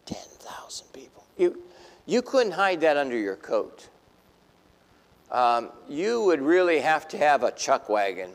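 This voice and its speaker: Man, pastor, gravelly, animated sermon, long hall reverb. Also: fairly high pitch, measured pace. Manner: animated storytelling, voicing biblical figures.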